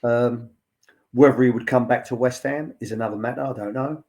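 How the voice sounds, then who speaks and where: An older man talks in a relaxed, anecdotal way. He rambles through stories full of "um" and "he said," with an even, mid-pitched voice. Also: a little fast. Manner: chatty storyteller, lots of "he said" and fillers. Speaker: former football academy director, guest. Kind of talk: anecdotal casual chat.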